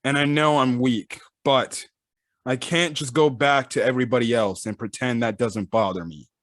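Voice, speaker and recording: A man's voice: medium pitch, normal speed, a bit bright, no room sound, studio quality, close to an everyday voice. A man reading out a stubborn, defiant young fighter in his own casual voice.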